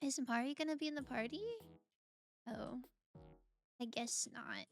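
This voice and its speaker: A woman streamer chats casually over a game, laughing often and reading its text aloud. Her voice is high and her pace unhurried, with faint game music playing behind. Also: vocal fry.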